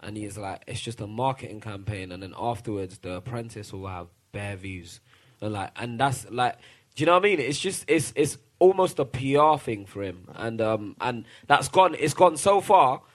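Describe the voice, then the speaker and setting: A man's voice: medium pitch, lively intonation, moderate pace. A man in a casual group discussion, making his points with rising emphasis. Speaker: panel guest.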